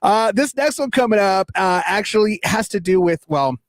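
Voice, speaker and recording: Man, podcast co-host, lively swooping voice, quite high, dry close sound, laughs a lot. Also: moderate pace, no room sound. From Latino. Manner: laughing, lively, rambling with fillers. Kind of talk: casual chat reacting to clips.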